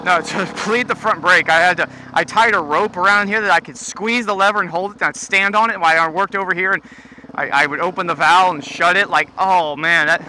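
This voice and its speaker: A man's voice: sits high, fairly quick, pushed and bright, low-quality recording. A man vlogging while riding a motorcycle at night, rambling in a scatterbrained, joking and profane way. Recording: heavy road and engine noise.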